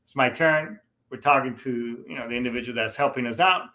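A middle-aged man tells a personal story straight to his viewers. His voice has a bright, forward edge. He rambles and circles back, leaning on "you know" and restarting sentences as he goes. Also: medium pitch, fairly quick. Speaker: show host, Marine veteran.

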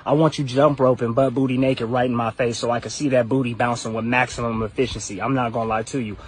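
Man doing a husky leering guy voice, low and growly, crude and lustful. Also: steady tone, quick pace, close to an everyday voice.

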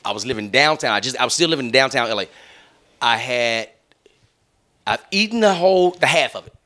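A man's voice: mid-range voice, expressive, fairly quick, bright, forceful tone. A young adult man hosting a podcast. He tells a long story in loose, profane, laughing chat and acts out the other people's lines. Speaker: podcast host.

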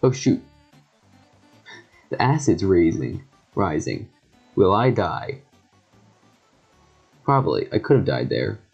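A young man giving casual, joking gameplay commentary with quick excited reactions and sarcastic asides. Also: low voice, gravelly, slightly rough, highs cut off. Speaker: gaming YouTuber. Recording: faint background music.

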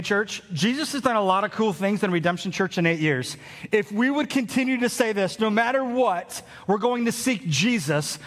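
A man's voice: sits high, fairly bright tone. A man, preaching a sermon as pastor in a conversational storytelling way. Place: large church hall. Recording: hall reverb.

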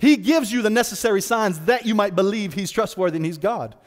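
A man preaching a sermon as pastor, animated and playful, slipping into casual voiced asides. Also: high-pitched, a little fast, long reverb tail. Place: church sanctuary.

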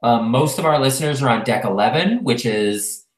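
A man's voice: mid-range voice, lively intonation, moderate pace, slight background noise. A man co-hosting a casual talk show, chatting and rambling with lots of fillers. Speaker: podcast co-host. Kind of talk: casual chat. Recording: roomy echo.

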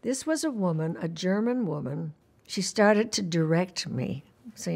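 Older lady telling stories in an interview, very animated, does the voices, laughs a lot. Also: fairly low pitch, a little slow, gravelly, slightly rough. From Puerto Rico. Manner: animated storyteller, acts out quotes, laughs often. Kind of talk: documentary interview storytelling.

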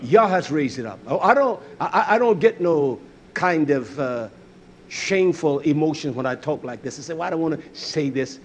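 At a normal speed and with lots of animation, a male preacher gives a fiery sermon. He swings between loud bursts and quiet muttering, repeats his phrases, and calls out hallelujah.

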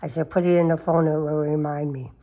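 A woman's voice: sits low, steady tone, a little fast, vocal fry, dark tone, lo-fi sound. A woman talking baby talk to her cats at home, cooing and sometimes whispering in a sing-song way. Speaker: cat owner filming her cats. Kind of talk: casual baby talk to pets. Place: home, at a table with coffee.

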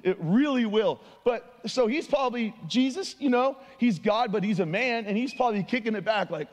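A young man preaching an informal sermon in a church, casual and slangy, talking in quick conversational bursts. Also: high-pitched. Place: church sanctuary. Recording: long hall reverb.

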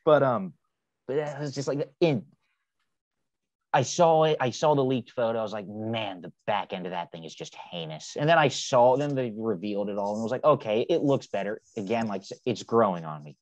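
A man in a casual car chat, telling stories in a relaxed way. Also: mid-range voice, fairly quick.

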